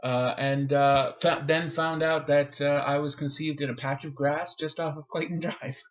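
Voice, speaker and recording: A man's voice: fairly high pitch, steady tone, moderate pace. A man hosting a comedy podcast in casual chat, joking and self-mocking and laughing often. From Canada. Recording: muffled lo-fi recording.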